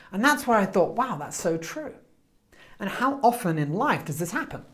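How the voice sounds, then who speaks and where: A man giving a motivational talk, telling stories in an animated, quick way and acting out what people said. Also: high-pitched. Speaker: motivational speaker.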